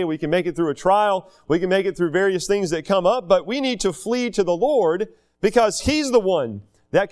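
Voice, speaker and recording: A man preaching a sermon, teaching through a Bible passage in an unhurried way and stretching out key phrases for emphasis. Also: high voice, darkish tone.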